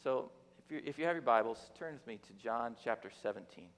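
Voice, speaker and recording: A man's voice: medium pitch, expressive, quick pace, a bit bright. A man giving a casual, joking sermon from the pulpit, talking in a conversational way with frequent restarts and fillers. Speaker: guest preacher. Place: church sanctuary. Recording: long reverb of a church hall.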